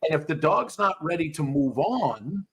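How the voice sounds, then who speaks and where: A man's voice: fairly high pitch, very animated, normal speed, breathy edge. A man who trains dogs, coaching a student in a casual chat, blunt and swearing freely. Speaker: dog trainer.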